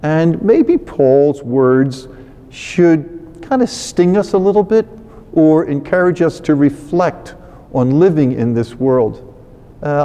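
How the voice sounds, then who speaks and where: A priest giving a conversational, unhurried reflection on a scripture reading, explaining it to his listeners. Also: on the high side, warm tone. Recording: long hall reverb.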